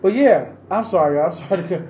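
Speaking fast with lively intonation, a man with a high, dark-toned voice vents his opinion in an impassioned, unscripted vlog monologue. He pleads, repeats his questions insistently and rambles with restarts, captured with a roomy echo and faint ambient noise.

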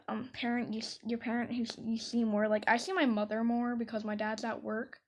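A woman's voice: a little high, steady tone, fairly quick, few pauses. A woman vlogger giving unscripted advice, rambling and hesitant with lots of fillers and restarts. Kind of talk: unscripted casual advice talk.

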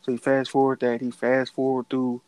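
Male co-host, mid-pitched, argumentative, dry close sound. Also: monotone, moderate pace, a little mellow, clean tone, no room sound, rough recording. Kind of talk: casual chat.

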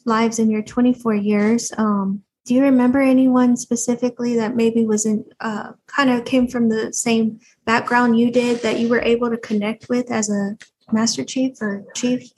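A woman's voice: on the high side, level tone, moderate pace, a little mellow, a little hiss or hum, low-quality recording. A woman, a Navy recruiter co-hosting a podcast, asking questions in a hesitant way with fillers. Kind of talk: casual interview questions.

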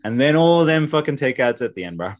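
A man's voice: medium pitch, big pitch swings, brisk. A man hosting a podcast, chatting casually with lots of enthusiasm and casual swearing. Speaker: podcast host.

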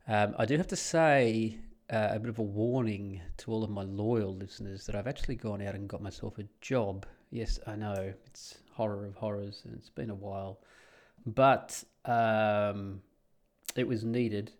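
A man's voice: fairly low pitch, fairly even intonation, normal speed, a little mellow. An Australian man talking casually and bluntly on his solo podcast, rambling with sardonic asides. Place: home in the Netherlands.

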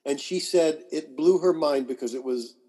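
A man being interviewed as a guest astrologer and author, telling animated anecdotes and acting out the quotes. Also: on the high side, normal speed, slightly rough. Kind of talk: conversational storytelling.

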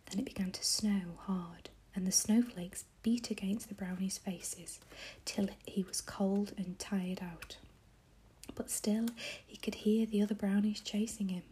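A woman narrating a children's tale gently in whispered role-play. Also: mid-range voice, steady tone, unhurried, slightly rough. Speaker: storyteller.

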